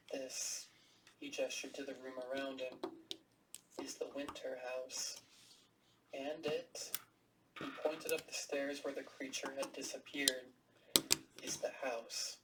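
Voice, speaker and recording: A storyteller reading a first-person horror story aloud at a steady, even pace. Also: medium pitch. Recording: distant mic with steady background noise.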